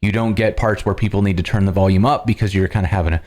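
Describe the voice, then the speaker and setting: Man host, lowish voice, projecting a big outdoor presenter voice, chatty and full of ums, close compressed studio mic at home. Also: fairly even intonation, fast talker, few pauses, a little mellow, a little hiss or hum. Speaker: livestream host. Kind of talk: casual explanatory talk. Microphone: studio dynamic microphone with compression.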